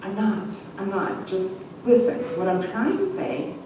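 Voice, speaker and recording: A woman's voice: medium pitch, lively intonation, a little slow, natural voice. A woman reading aloud voices an upset young man who insists and pleads in a raised voice. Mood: defensive. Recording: echoey room from far off, background noise.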